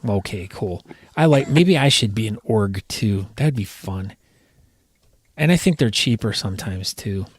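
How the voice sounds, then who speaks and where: A man's voice: on the low side, animated, measured pace, husky. A man hosting a podcast, asking questions and teasing his guest playfully. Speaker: podcast host. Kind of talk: casual podcast interview.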